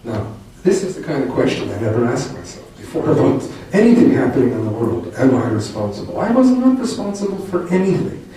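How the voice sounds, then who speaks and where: A man's voice: mid-range voice, sing-song, fairly quick, hardly any pauses, dark tone. An older man, a poet and commentator, telling a personal story to an audience in a reflective, wry way with frequent restarts. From Canada. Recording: distant mic in a very echoey hall with noise.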